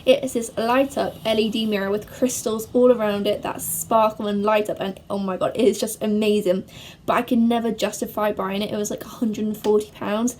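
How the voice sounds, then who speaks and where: A young woman from England answering viewer questions in a chatty, bubbly way, speeding up when she gets excited. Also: medium pitch, a little fast, a little hiss or hum. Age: young adult. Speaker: vlogger. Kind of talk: casual to-camera Q&A.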